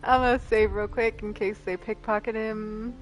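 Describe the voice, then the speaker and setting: A woman's voice: mid-range voice, fairly even intonation, moderate pace. Giggly young woman streaming a game. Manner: giggly, laughs often; reads dialogue options aloud. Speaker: streamer playing a video game. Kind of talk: casual let's-play commentary.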